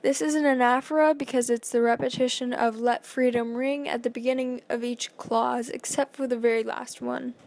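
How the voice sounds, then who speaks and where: A woman with a slightly high voice reads a school presentation aloud. She goes carefully, stumbling now and then and filling gaps with small fillers. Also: steady tone, moderate pace, gravelly, few pauses, darkish tone, slight background noise.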